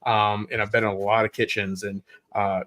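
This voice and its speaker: A man co-hosting a casual livestream chat, talking in a rambling, excitable way and swearing casually. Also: lowish voice, normal speed. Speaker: co-host.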